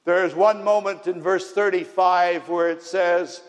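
A man's voice: sits high, fairly even intonation, unhurried. A man preaching a sermon in a church, speaking earnestly and building to emphatic peaks. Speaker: pastor. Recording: long hall reverb.

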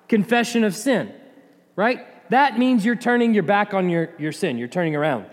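A man preaching a sermon in a conversational, animated way, often acting out the voices of the people in the story. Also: high voice, normal speed, in a large hall. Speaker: pastor.

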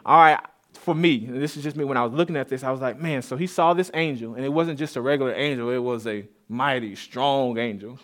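A man's voice: mid-range voice, a little fast. A man preaching a casual, conversational sermon in a church. He repeats and restarts words and builds to emphatic peaks. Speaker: pastor.

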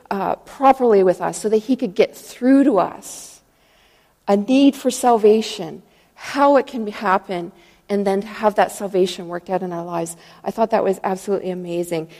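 A woman's voice: medium pitch, moderate pace, mellow, long reverb tail. A woman preaching a sermon in a church, earnest and storytelling, retelling scripture stories and acting out the voices in them.

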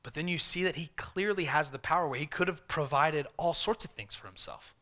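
A man preaching a sermon in a conversational way, voicing the tempter's questions in softer, lower tones. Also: fairly quick. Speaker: pastor.

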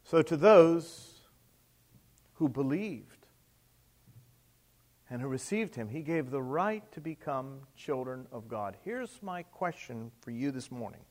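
A middle-aged male pastor preaching a sermon, emphatic, with rhetorical questions and swings between loud and soft. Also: mid-range voice, expressive, slow pace, pauses often.

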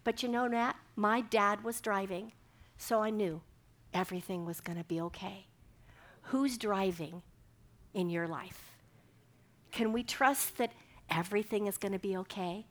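A woman's voice: mid-range voice, unhurried, long pauses. A middle-aged woman giving a sermon, telling a personal story and acting out the dialogue with animation. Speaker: speaker giving a devotional talk.

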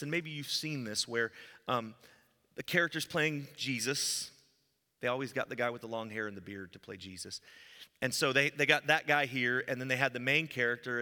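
A man preaching a sermon as pastor, telling a story and moving between loud emphasis and hushed, low lines. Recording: long hall reverb.

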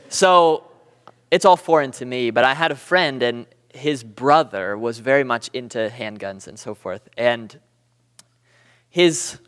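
A man from Southern California teaching a church Bible class, conversational and animated, with storytelling asides. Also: medium pitch, in a large hall.

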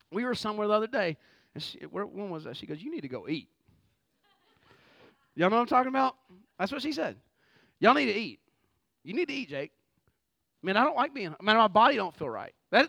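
A man preaching a lively, conversational sermon full of rhetorical questions. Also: extremely high pitch, vocal fry, no room sound. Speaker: pastor.

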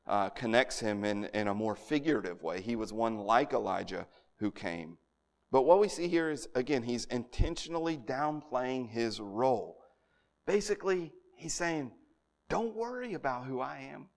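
A man's voice: mid-range voice, big-room sound. A man preaching an expository sermon, earnest and often repeating words as he restarts a thought.

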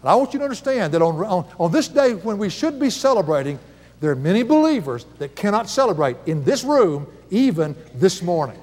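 A man's voice: high voice, sing-song, a little fast, darkish tone, in a large hall. An older man, preaching a Bible lesson in a folksy, chuckling storytelling manner. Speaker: Bible teacher. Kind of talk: sermon with personal stories.

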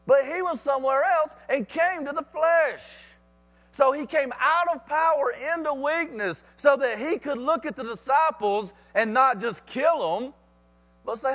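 A man's voice: very high voice, a little slow, fairly bright tone. A man preaching a sermon with emphatic repetition and rhetorical questions.

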